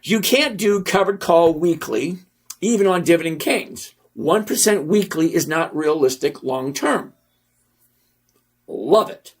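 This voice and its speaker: A middle-aged man, his voice on the high side with lively intonation, hosts a stock trading channel and explains the on-screen numbers. Casual, teasing and sarcastic, he slowly repeats points for emphasis.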